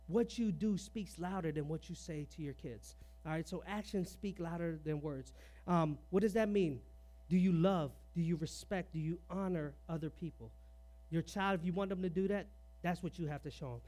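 High-voiced man preaching with rhetorical questions. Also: normal speed, a little mellow. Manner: rhetorical questions, frequent "all right" fillers; earnest, conversational preaching with personal anecdotes. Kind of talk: sermon.

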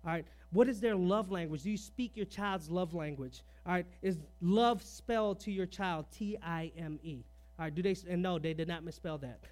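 A man with a notably high voice delivers a conversational sermon. He keeps asking the congregation pointed rhetorical questions and peppers his points with "all right." His tone is earnest and personal rather than formal. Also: normal speed, a little mellow. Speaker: preacher.

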